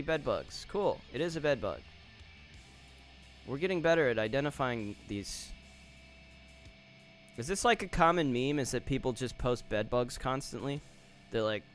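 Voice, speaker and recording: Male streamer, mid-pitched voice, casual offhand reactions, soft guitar music underneath. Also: big pitch swings, normal speed, long pauses. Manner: reactive, reads posts aloud and comments offhand. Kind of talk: casual live-stream commentary. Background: faint guitar music.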